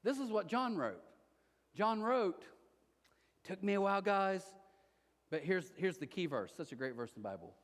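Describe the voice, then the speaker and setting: A man preaching a sermon as pastor, animated and conversational, often acting out quotes. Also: high-pitched, normal speed, long pauses. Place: church auditorium. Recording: long hall reverb.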